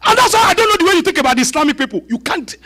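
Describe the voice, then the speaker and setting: A pastor preaching a live church sermon, often shouting and repeating refrains as he leads prayer. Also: extremely high pitch, very animated, rapid-fire, rough recording. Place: church service.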